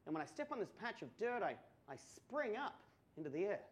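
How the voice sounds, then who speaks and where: An Australian man doing stand-up storytelling, swearing, stammering through restarts and building to loud punchlines. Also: sits high, big pitch swings, fairly quick. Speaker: stand-up comedian. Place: comedy club stage before a laughing audience.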